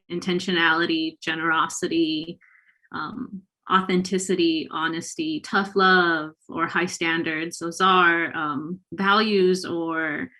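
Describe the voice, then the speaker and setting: Woman panelist, measured and pausing, lowish voice. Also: fairly bright tone, poor audio. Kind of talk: webinar panel talk.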